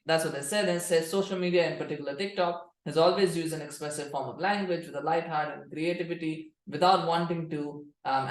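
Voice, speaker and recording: A man talks fast, rambling through football commentary with a sarcastic edge and constant restarts. His voice sits a little high for a man. The room around him is echoey. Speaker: football podcast host. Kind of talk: casual commentary.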